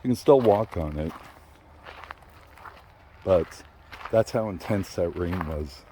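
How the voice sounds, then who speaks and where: A man's voice: low-pitched, lively intonation, slow, dark tone, slight background noise. An older man vlogging casually on an outdoor park trail, out of breath and panting between phrases. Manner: chatty, panting between phrases, apologetic, laughs often. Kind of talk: casual walking vlog.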